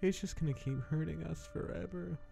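A woman voicing a weary, depressed skeleton brother in a comic fan dub, speaking flatly and listlessly. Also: low-pitched, brisk, vocal fry. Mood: hopeless. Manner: flat, listless, quietly despairing. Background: background music.

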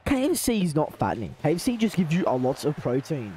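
A man with an Australian accent streaming a car-ball game live, talking to chat and trash-talking opponents in excitable banter. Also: a little high, fast, a little hiss or hum. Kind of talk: live gaming commentary.

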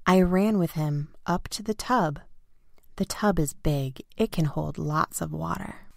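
A woman reading a children's picture book aloud, gentle and expressive. She speaks slowly with a fairly low voice for a woman. The sound is close and dry. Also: gravelly, dry recording. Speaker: storybook reader. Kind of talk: children's story read-aloud.

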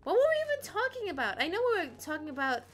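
High, sing-song woman streamer. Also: big pitch swings, quick pace, soft background music. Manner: playful, rambling, sings little ditties. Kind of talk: casual gameplay chat.

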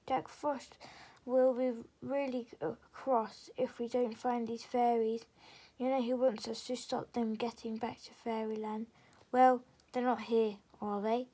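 A woman voicing rude, gruff male goblins who squabble, in a storybook reading. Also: a little high, little pitch movement, measured pace, warm tone. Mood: quarrelsome. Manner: gruff, bickering.

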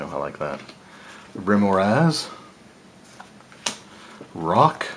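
Unhurried low-voiced male host, casual unboxing chat, faint background hum. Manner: relaxed, thinking aloud, small laughs and self-corrections. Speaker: channel host reviewing game cards.

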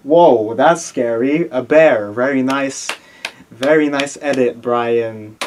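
A man's voice: mid-range voice, slow pace, a little mellow, slight background noise. Giggly young man telling a story. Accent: Italian. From Italy. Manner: giggly, keeps breaking into laughter. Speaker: vlogger. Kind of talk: casual storytelling to camera.

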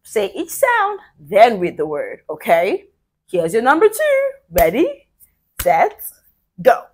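Lively sing-song woman teaching phonics. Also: on the high side. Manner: cheerful, sing-song praise to young learners; slow, drawn-out letter sounds. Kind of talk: children's phonics lesson.

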